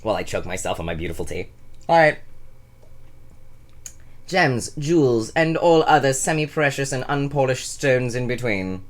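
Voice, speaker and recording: A sleep-deprived vlogger with a hoarse throat, chatting to camera from a hot room at home in a giddy, scattered, sweary ramble. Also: mid-range voice, animated, normal speed, long pauses. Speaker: vlogger hosting a weekly singing stream. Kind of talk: rambling casual chat to camera. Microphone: camera at close range.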